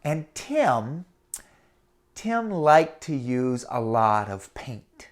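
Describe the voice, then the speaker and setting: A man's voice: mid-range voice, very animated, drawn-out words. A man telling a children's story, addressing the kids directly. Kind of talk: reading a children's story aloud.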